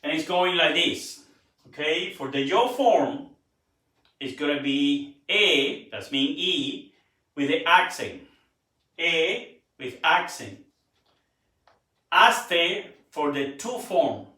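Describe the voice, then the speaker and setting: Teacher with a bright echoey voice. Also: male voice, fairly high pitch, lively intonation, takes it slowly, pauses often, far from the mic. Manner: broken English with Spanish words spoken natively. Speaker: Spanish teacher. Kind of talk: classroom lesson. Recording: echoey room, voice from off mic.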